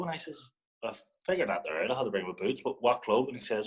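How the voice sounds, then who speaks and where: A man's voice: medium pitch, brisk, poor audio. A young man, a football guest telling a story in casual chat, swearing and acting out what others said. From Northern Ireland. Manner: animated, swears, acts out other people's lines.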